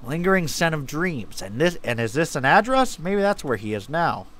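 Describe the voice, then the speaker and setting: Earnest determined young game hero, man voicing him, steady reading, lively pitch. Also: moderate pace.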